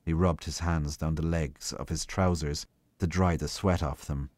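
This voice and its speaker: A man reading a short story aloud in a measured, unhurried way. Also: a bass voice, steady tone, darkish tone, no echo. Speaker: guest reader.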